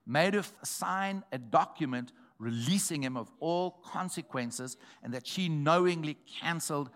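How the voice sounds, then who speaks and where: A man preaching a sermon, telling a testimony in a storytelling way that builds to shouted exhortation. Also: fairly high pitch, a little slow.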